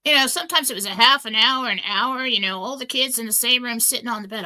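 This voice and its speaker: A woman's voice: medium pitch, animated, fast talker, few pauses, pushed and bright. A middle-aged woman hosting a radio talk show, telling stories in a chatty way, full of fillers and restarts. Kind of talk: casual inspirational talk.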